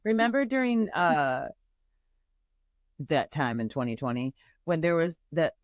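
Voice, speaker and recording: A woman's voice: sits low, big pitch swings, unhurried, no echo. Chatty woman podcast host, dry sound. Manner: chatty, rambling, filler-heavy with lots of "like" and "you know". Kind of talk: casual chat.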